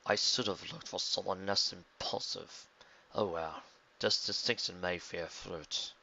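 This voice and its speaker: A man reading a fan story voices a scheming male unicorn villain, speaking slowly and coldly in a low mutter. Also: steady tone, creaky, bright, forceful tone, dull audio, full character voice. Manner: slow, cold, muttering.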